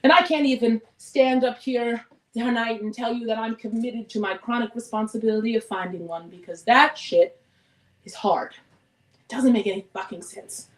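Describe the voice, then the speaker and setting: A woman's voice: fairly high pitch, moderate pace, distant mic. A woman performing a live solo stage monologue, wry and candid, sighing and swearing as she talks. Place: theater stage before an audience. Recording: echoey stage recording from afar, music behind.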